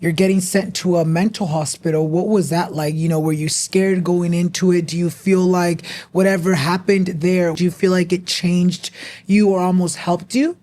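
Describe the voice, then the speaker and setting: Podcast host asking casual questions. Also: male voice, high voice, steady tone, moderate pace, darkish tone. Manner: supportive, short agreeing replies. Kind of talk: casual interview.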